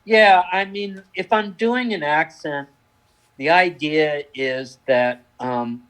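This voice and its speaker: An older man, an actor giving thoughtful, wry answers in a relaxed interview, pausing and restarting as he thinks. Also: fairly high pitch, poor audio. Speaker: actor guest.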